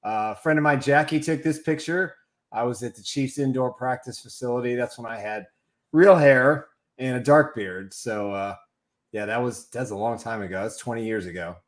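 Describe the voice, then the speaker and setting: Middle-aged male panelist, even mid-pitch, easygoing storyteller. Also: moderate pace. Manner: good-humored, reminiscing. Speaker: show founder and co-host. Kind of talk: live show banter. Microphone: video call.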